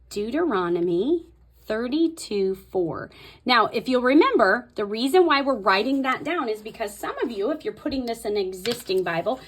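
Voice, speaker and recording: A woman hosting a casual craft tutorial, thinking aloud as she writes and softly repeating words to herself. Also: fairly high pitch, husky. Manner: fast talker. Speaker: host.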